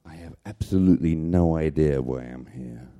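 A man's voice: rumbling low, moderate pace, dark tone. An older man telling rambling, jokey, self-mocking stories on stage at a live venue. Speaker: storyteller.

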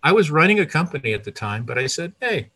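A man's voice: on the high side, sing-song, fast talker, pushed and bright, breathy edge. An older retired man telling a personal story in a conversational way, with restarts and self-corrections.

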